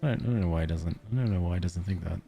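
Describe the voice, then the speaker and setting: A man's voice: sits low, racing, gravelly, mellow, soft background music. A man with an Australian accent streaming a game, chatting casually with viewers in a joking, self-deprecating way and laughing often.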